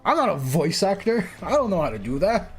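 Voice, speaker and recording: Brief: young male streamer, lively, self-mocking rambler, slightly high voice. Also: fairly quick, husky, faint music behind. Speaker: game streamer. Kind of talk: casual live-stream chat.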